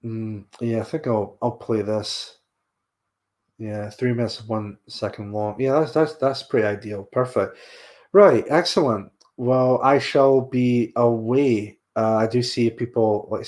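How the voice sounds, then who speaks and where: Tired, rambling podcast host signing off. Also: male voice, medium pitch, steady tone, unhurried, darkish tone. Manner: rambling, repeats himself. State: tired, yawning. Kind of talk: casual livestream sign-off.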